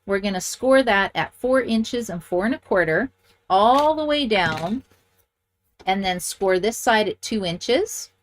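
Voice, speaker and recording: A woman's voice: medium pitch, animated, a little slow, a little hiss or hum. A middle-aged woman demonstrating card making, chatty and enthusiastic, thinking aloud as she works. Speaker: papercraft demonstrator. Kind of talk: casual crafting tutorial.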